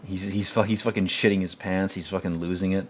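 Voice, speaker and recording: A man giving casual, rambling film commentary, swearing often and growing excited about scenes he loves. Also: low voice, a little fast, slight background noise. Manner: rambling, profane, enthusiastic.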